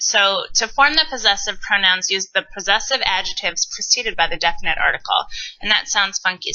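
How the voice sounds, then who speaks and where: A woman teacher giving a recorded grammar lesson, explaining slowly and patiently with casual asides. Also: medium pitch, sharp tone. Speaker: Spanish teacher. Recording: dull lo-fi recording.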